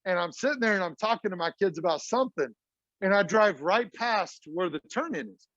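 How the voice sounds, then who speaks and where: A man's voice: sits high, lively intonation, a little fast, a bit bright, no echo, lo-fi sound. A middle-aged man, a math teacher talking casually to his class in a classroom. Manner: chatty, casual and talkative, addresses the class as y'all.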